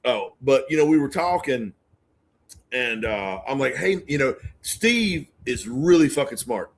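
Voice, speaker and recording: A man's voice: medium pitch, animated, a little slow. A man co-hosting a podcast, chatting casually, retelling conversations and swearing freely. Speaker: podcast co-host.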